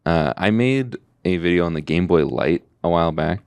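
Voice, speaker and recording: Deep smooth voiced guy from oregon asking questions, kinda teasing, dry mic. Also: lively intonation, moderate pace, darkish tone, no echo. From West Coast, Oregon. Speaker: interview host. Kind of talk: casual interview.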